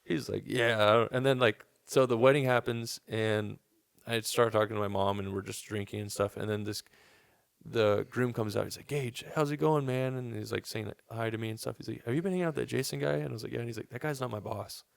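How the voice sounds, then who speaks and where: A man's voice: mid-range voice, steady tone, brisk, gravelly, dry recording, studio quality. A young man casually telling a long story on a podcast, swearing and acting out what people said. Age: young adult. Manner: laid-back, swearing, acts out quotes.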